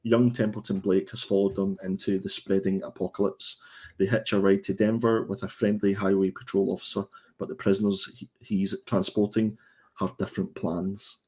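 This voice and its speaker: A man's voice: deep voice, flat delivery, moderate pace, darkish tone, husky. A man hosting a comic review show, chatting casually with fillers and laughs. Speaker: podcast host. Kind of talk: casual chat.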